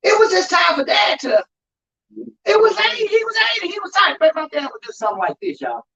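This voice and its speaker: High, animated undertaker preaching on grief. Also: male voice, fairly quick, gravelly, dull audio. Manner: emphatic, calls out to the audience with "y'all". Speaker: undertaker and show host. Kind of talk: preaching-style talk on grief.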